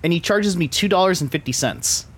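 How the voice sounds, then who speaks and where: A man's voice: high-pitched, animated, a little fast, husky. Rambling casual podcast host, man. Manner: rambling storyteller, heavy use of filler "like". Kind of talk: casual chat.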